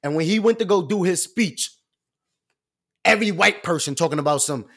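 A young man hosting a live stream, ranting with heavy slang and swinging from loud bursts to low asides. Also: animated, normal speed. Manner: profane, streetwise slang. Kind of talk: animated rant on a live stream.

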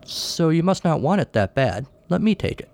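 A man voicing a whiny, petulant younger brother in his fifties, pitched a bit higher than his own voice. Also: big pitch swings, normal speed, creaky, darkish tone, no echo. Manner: pleading, petulant, raised pitch.

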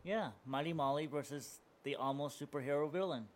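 A man co-hosting a radio chat with upbeat, quick replies. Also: a little high, a little hiss or hum. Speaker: radio co-host.

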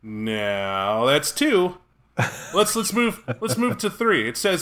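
A man's voice: on the high side, wildly swooping pitch, takes it slowly, fairly bright tone. A man co-hosting a casual podcast as a game master, making emphatic, sarcastic rhetorical points. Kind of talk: casual chat.

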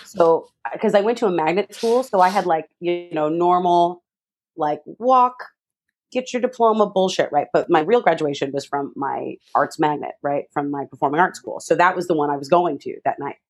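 A young woman telling a lively personal story as an interview guest, acting out other people's voices with big jumps in pitch. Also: moderate pace. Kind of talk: animated storytelling.

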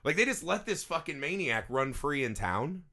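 A man's voice: fairly high pitch, very animated, normal speed, gravelly, bright, forceful tone. A man co-hosting a movie podcast, telling stories in casual chat, swearing often and laughing through his lines, who grew up in a small farm town. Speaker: podcast co-host.

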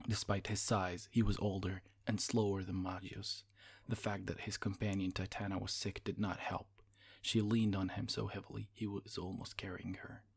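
Low gravelly man reading his fantasy novel. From Egypt. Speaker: fantasy author.

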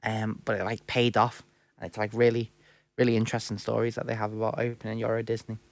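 A man's voice: lowish voice, completely flat delivery, fast talker, gravelly, dry recording. Chatty young man, dry close sound. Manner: chatty, laughs along, repeats words when starting. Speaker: podcast co-host. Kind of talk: casual chat.

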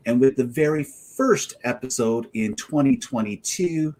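A man's voice: mid-range voice, unhurried, darkish tone. A man hosting a podcast, making blunt, emphatic announcements in casual talk. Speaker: podcast host. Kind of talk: casual chat.

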